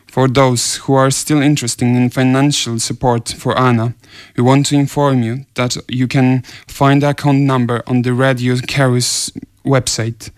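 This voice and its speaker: Solemn man reading a statement, flat. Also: mid-range voice, clear, resonant tone, dry recording, clean studio sound. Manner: solemn, measured. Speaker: bereaved family spokesman.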